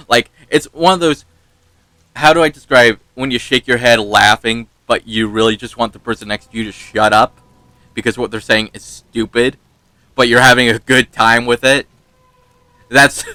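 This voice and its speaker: A man with a bright, forceful voice tells a rambling personal story over gameplay, poking fun at himself and laughing along the way. His voice is recorded dry and close, with almost no room sound. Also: medium pitch, no room sound. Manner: rambling, self-mocking, laughs often. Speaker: gaming channel host.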